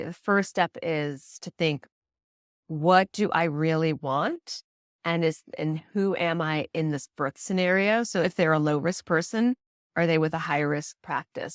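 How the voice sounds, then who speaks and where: A woman guest in a casual interview, chatty and quick to laugh, often acting out the voices of people she quotes. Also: sits low, dry recording, studio quality. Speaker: prenatal yoga teacher and doula, guest.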